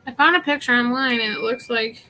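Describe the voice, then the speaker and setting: A woman's voice: fairly high pitch, brisk, music in the background, poor audio. A woman chatting casually through a live thrift haul, rambling with many fillers. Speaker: vintage seller vlogger.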